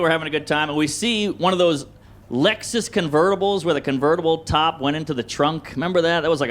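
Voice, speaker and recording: High-voiced man telling a wild stand-up story. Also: a little hiss or hum. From Louisiana. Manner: animated, acts out yells and panicked quotes. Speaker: stand-up comedian.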